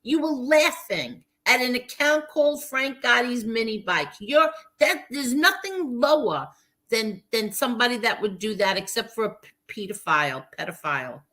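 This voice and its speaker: Woman cohosting a live stream, bright sharp voice, real emphatic. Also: on the high side, lively intonation, normal speed. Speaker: podcast co-host. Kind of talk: casual livestream chat.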